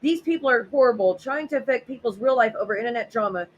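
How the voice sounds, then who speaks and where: A woman's voice: fairly high pitch, expressive, quick pace, dull audio, a little hiss or hum. A woman hosting a casual livestream, reading viewer messages aloud and reacting bluntly and sarcastically, with frequent swearing. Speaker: livestream host.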